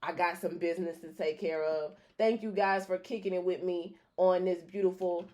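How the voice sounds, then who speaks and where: A woman hosting a spiritual vlog, chatting casually with many fillers and restarts, slangy and excitable. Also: on the low side, moderate pace. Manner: laughing, excitable asides. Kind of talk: casual chat to viewers.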